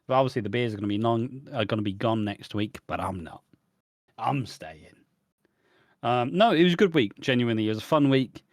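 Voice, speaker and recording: A man's voice: medium pitch, lively intonation, no echo, clean studio sound. A young man with a Birmingham accent, co-hosting a casual podcast chat with joking, swearing asides. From West Midlands. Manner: jokey, swearing, quick asides. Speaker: podcast co-host.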